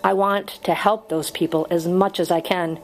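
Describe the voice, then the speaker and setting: A woman's voice: lowish voice, fairly even intonation, moderate pace, a little hiss or hum, natural voice, poor audio. A woman voicing an earnest young male schoolteacher in an audiobook reading, pleading with strained patience.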